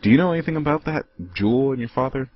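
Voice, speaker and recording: A man's voice: mid-range voice, rapid-fire, a little hiss or hum, pitched above the performer's own voice, lightly acted. A man voicing an earnest young male swordsman in a game playthrough, pleading and eager. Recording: muffled capture with game music.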